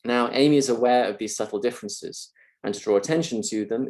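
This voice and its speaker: Low gravelly male lecturer. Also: a little mellow, low-quality recording. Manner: clear, measured explaining with occasional fillers. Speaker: university lecturer. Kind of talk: recorded lecture.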